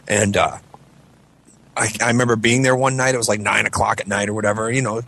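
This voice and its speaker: A man's voice: fairly low pitch, fairly even intonation, fast talker, creaky, sharp tone. A man in casual chat, telling a rambling ghost story with many fillers.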